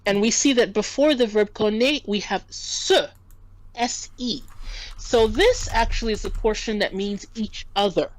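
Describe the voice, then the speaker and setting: A woman's voice: mid-range voice, unhurried, low-quality recording. A woman tutoring French in a casual lesson, patiently explaining and spelling out words.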